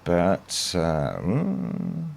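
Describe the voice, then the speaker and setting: A man's voice: low voice, wildly swooping pitch, drawn-out words, vocal fry, a little mellow. A man hosting a casual chat show, laid back, bringing guests onto a call. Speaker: host.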